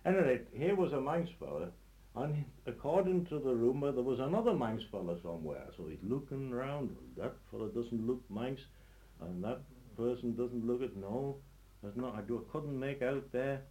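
A man's voice: mid-range voice, expressive, moderate pace, warm tone, rough recording. A man telling humorous anecdotes in a rambling, self-correcting way.

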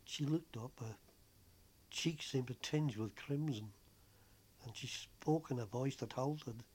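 A man reading his first-person story aloud in a plain, steady delivery. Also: mid-range voice, unhurried, slightly rough.

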